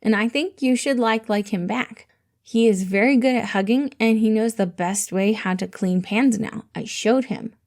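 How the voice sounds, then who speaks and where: A woman's voice: a little high, moderate pace, darkish tone, lightly acted. A woman voicing a cheerful, earnest little orphan boy with an eager, innocent way of talking. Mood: teasing.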